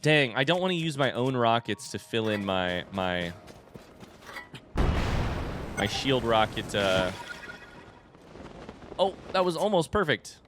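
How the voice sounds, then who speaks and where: A man hosting a let's play, giving excitable and self-mocking commentary as he plays. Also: medium pitch, takes it slowly, long pauses, a little hiss or hum. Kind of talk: gameplay commentary.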